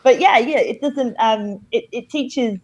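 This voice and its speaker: A woman guest on a podcast, explaining things in a measured way with many "you know"s. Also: a little high, a little mellow, low-quality recording. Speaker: company founder, podcast guest. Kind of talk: casual interview talk.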